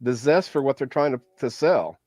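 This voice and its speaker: Joking sarcastic dude cohosting a chat, normal pitch, dry close mic. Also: male voice, moderate pace, a little mellow, no echo. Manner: joking, sarcastic, laughs often. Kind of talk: casual reaction chat.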